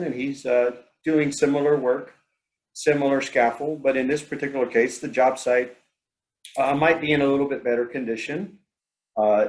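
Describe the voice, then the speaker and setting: Hesitant man giving an online talk. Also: mid-range voice. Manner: hesitant, many fillers and restarts, storytelling. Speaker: presenter. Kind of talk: online meeting presentation.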